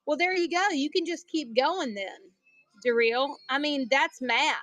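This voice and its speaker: Chatty high-voiced woman with a country twang. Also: a little slow, fairly bright tone, no echo. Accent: American country. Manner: chatty, jokey, talks to viewers by name. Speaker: livestream seller. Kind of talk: casual live sales chat.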